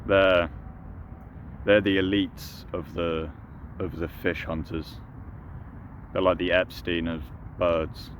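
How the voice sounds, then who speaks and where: A man's voice: low-pitched, level tone, slow pace. A man vlogging outdoors by a pond, rambling and joking as he chats to the ducks. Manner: rambling, jokey, talks to the ducks. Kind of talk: casual outdoor vlog. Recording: noisy outdoor street sound.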